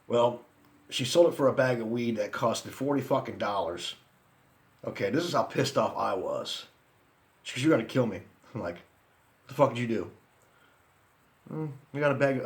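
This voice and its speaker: Middle-aged man, casual rant vlogger, loose and profane, rambles and laughs. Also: medium pitch.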